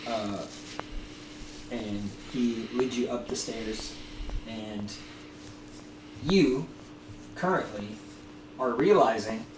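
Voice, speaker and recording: A man narrating as dungeon master with a relaxed, hesitant delivery full of ums. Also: lowish voice, extremely slow, long pauses. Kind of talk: narrating a tabletop game. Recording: echoey room, distant mic, noisy.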